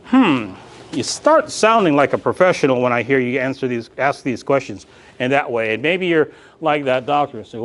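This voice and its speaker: A man's voice: medium pitch, moderate pace. A man leading a live real estate coaching session, joking and calling on the audience. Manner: animated, joking, calls on audience.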